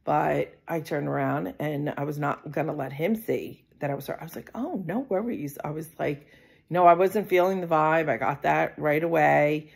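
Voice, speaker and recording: Low gravelly-voiced woman rambling a story. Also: steady tone, normal speed. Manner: rambling, many fillers and asides. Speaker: vlogger. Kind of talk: casual storytelling.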